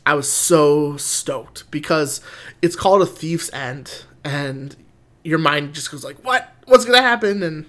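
A man's voice: on the high side, little pitch movement, takes it slowly, fairly bright tone. A man co-hosting a casual podcast chat, talking enthusiastically with many restarts. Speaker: podcast co-host. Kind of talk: casual chat about video games.

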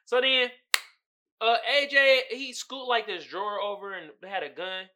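A man's voice: high voice, steady tone, unhurried, pushed and bright. A man hosting a podcast, recapping a movie in a casual, profane, storytelling way with frequent laughter. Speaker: podcast host.

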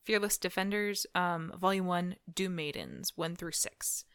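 Woman co-host, chatty and giggly, lowish voice, dry close sound. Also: unhurried, a bit bright, clean tone, no room sound. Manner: chatty, laughs often, many fillers. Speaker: podcast co-host. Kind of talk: casual chat.

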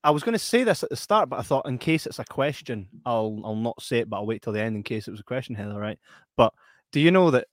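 A man's voice: medium pitch, no room sound, studio quality. A Scottish man chatting casually and telling funny stories with lots of laughter and acted-out voices. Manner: animated, laughing storyteller. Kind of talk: casual chat and storytelling.

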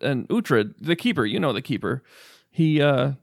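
A man playing a shaken, grieving father, halting and stammering. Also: mid-range voice, very animated, vocal fry, dry recording, clean studio sound.

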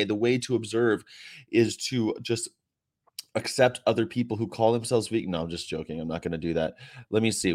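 A man hosting a casual livestream from a hotel room, reading viewer comments with a sarcastic, joking, rambling manner. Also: medium pitch. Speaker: vegan activist livestream host.

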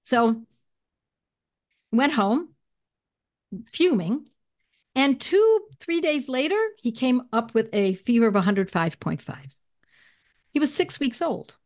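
A woman guest in an interview, telling a personal story in an animated way and clearing her throat now and then. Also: a little high, slow pace, pauses often. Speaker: guest, homeopathy educator.

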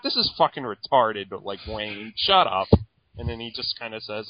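A man's voice: mid-range voice, moderate pace, no echo, highs cut off. A man co-hosting a podcast, chatting casually and rambling, with lots of "like" and swearing. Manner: rambling, heavy use of "like", swearing. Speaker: podcast co-host. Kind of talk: casual chat.

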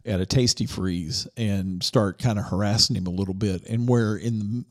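A man's voice: on the low side, fairly even intonation, normal speed. A man co-hosting a casual movie podcast, retelling a story at length with lots of "you know" and restarts. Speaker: podcast co-host.

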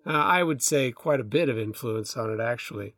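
A man's voice: medium pitch, animated, brisk, fairly bright tone, no echo, studio quality. A middle-aged man co-hosting a casual chat, rambling and hesitant, with many restarts and fillers. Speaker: podcast co-host.

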